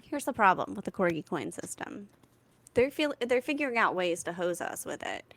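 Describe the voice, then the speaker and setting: A woman in her thirties co-hosting a podcast, telling stories with lots of fillers and animated asides. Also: mid-range voice, normal speed, creaky. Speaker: podcast co-host. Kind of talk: casual comedic chat.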